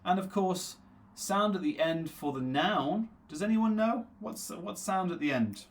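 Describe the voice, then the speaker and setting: A man teaching a live interactive English lesson. He repeats words slowly to drill their pronunciation and answers viewers' chat comments by name. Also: high voice, lively intonation. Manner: reads viewer names aloud from the chat and answers them.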